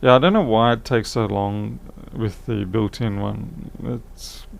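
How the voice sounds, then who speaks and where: A man's voice: fairly low pitch, steady tone, a little slow. A tired man chatting casually on a live stream, thinking aloud as he repairs a laptop, his voice fading. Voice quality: gravelly.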